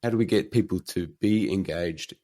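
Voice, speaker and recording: A male podcast host asking hesitant, halting questions with fillers. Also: low voice, warm tone. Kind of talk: interview questions.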